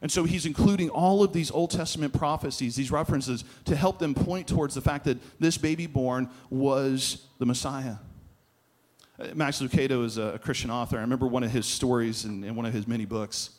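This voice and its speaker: A man preaching a sermon, telling stories and slowing down to stress key phrases. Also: mid-range voice, fairly even intonation, a little mellow. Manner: storytelling, emphatic with slowed key phrases. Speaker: pastor.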